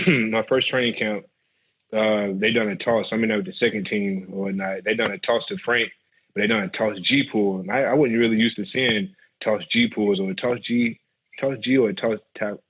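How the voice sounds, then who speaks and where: A man, a former football player telling animated stories in an interview. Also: fairly low pitch, normal speed, breathy edge. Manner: animated storyteller acting out quotes. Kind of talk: storytelling interview. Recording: muffled lo-fi audio.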